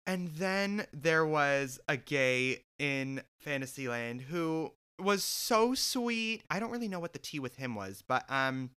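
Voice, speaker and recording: A young man telling a story in a sassy, animated and profane way, straight to camera. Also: medium pitch, clean tone. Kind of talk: storytime vlog.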